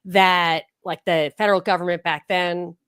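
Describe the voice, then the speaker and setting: A middle-aged woman hosting a podcast, telling stories in an animated, casual way with lots of filler words. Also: on the low side, normal speed, smooth, no room sound, clean studio sound. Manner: animated storytelling with many "like" fillers. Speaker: podcast host. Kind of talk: casual conversational interview.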